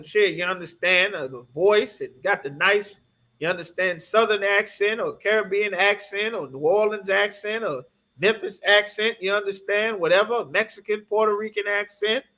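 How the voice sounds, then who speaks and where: A man preaching through a scripture lesson, emphatic and constantly checking that his listeners follow. His voice sits high for a man, bright and forceful. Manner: emphatic, keeps asking "you understand?". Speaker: scripture class teacher.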